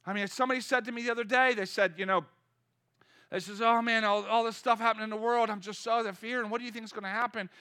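A man in his fifties preaching a sermon with energy, swinging between loud exhortation and quiet storytelling. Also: high-pitched, fast talker, clean tone. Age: 50s. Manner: energetic preaching, rising loud then dropping to soft storytelling. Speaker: pastor.

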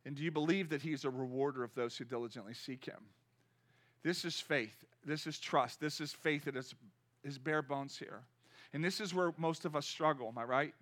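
A male pastor preaching to his congregation, with a high voice. His tone is bright and forceful, chatty one moment and loudly impassioned the next, and he keeps asking the room questions. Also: moderate pace. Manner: conversational, rising to impassioned cries. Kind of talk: sermon. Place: church.

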